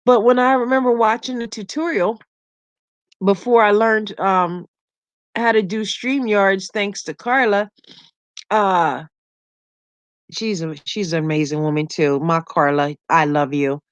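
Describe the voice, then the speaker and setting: A middle-aged woman hosting a casual livestream, chatting with viewers, laughing often and telling animated stories. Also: mid-range voice, unhurried, long pauses, no echo. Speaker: YouTube livestream host. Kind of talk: casual livestream chat reading comments.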